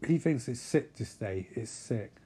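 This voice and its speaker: A man recaps an episode with dry sarcasm and casual swearing, undercutting the drama with deadpan jokes. His voice is warm and mellow, sitting at an ordinary middle pitch. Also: measured pace, slightly rough. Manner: deadpan, mocking, profane asides. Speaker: comedic recap narrator.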